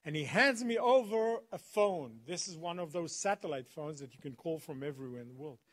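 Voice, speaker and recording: A man's voice: fairly high pitch, expressive, a little fast, fairly bright tone. A man giving a storytelling talk to an audience, dramatically acting out the dialogue. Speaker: guest speaker. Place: college lecture hall.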